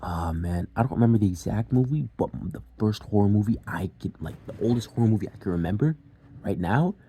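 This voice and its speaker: A young man recounts a story from his own life in a relaxed, rambling way. His voice sits low and mellow, with a husky, slightly rough edge. He swears freely and leans on fillers as he goes. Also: fast. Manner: loose and profane, with many fillers. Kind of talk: casual personal storytelling.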